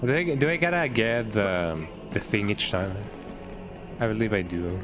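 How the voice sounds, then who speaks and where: Low-voiced laid-back male game streamer. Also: moderate pace. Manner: relaxed, rambling, tags phrases with "eh?". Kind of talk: casual gameplay commentary. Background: game music.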